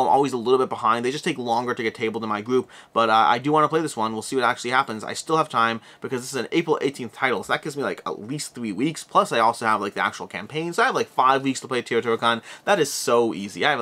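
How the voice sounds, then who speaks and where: A man with a slightly higher, bright and crisp-edged voice runs through a list of upcoming board games. He talks quickly and chattily, stumbling into restarts and self-corrections and drifting into asides. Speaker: board game channel host. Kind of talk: casual product roundup.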